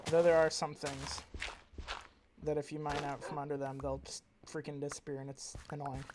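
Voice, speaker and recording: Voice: mid-range voice, flat delivery, normal speed. A gamer giving casual let's-play commentary, rambling and chatting to in-game animals. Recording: audible background noise.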